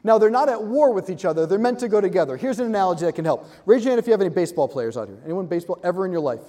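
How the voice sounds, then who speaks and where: A man giving an animated, joking talk to a live audience, acting out quick voices. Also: high-pitched, long reverb tail. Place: large hall with audience.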